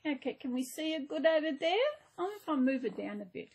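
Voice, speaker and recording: A woman host reading a fairy tale aloud in a gentle, unhurried way, with small slips now and then. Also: high voice, animated. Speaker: channel host reading a story.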